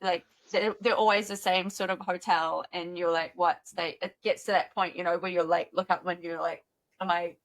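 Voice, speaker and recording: A woman's voice: lowish voice, steady tone, moderate pace. A woman podcast host in casual chat, agreeing and swapping stories, swearing freely. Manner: chatty, profane, agreeable.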